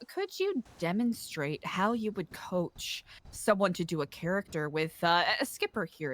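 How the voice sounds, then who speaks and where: A woman playing an interviewer in a game role-play, asking formal, measured questions. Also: sits low, fairly bright tone.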